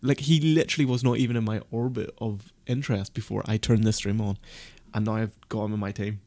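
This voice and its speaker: A man on a casual live stream, panicking and berating himself in a fast-swinging, swearing ramble. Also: on the low side, steady tone, warm tone, dry recording. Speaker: fantasy football streamer.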